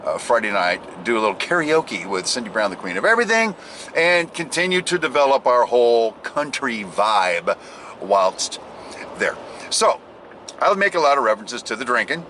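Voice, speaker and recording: Talking to the camera as he drives, a vlogger rambles and jokes at his own expense in a casual monologue. His medium-pitched voice is sing-song, bright and forceful at a moderate pace, with a little hiss or hum.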